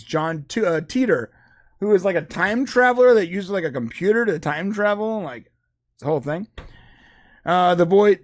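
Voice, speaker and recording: A man hosting a podcast with a speech impediment, rambling through a list with amused asides in a casual chat. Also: high-pitched. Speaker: podcast host.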